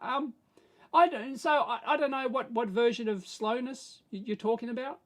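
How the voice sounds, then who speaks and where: Australian man, live-stream host, casual chat, rambling, animated. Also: very high voice, normal speed. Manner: rambling and animated, swinging from mumbled asides to excited bursts. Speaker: livestream host answering viewer questions.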